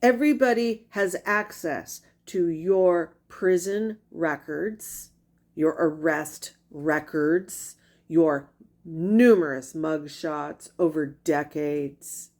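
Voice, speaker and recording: Lady w a lowish voice, slow and deliberate, calling someone out in a commentary video. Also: a little mellow. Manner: blunt and accusing, with pointed repeated questions. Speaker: commentary creator. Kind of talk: critical commentary over clips.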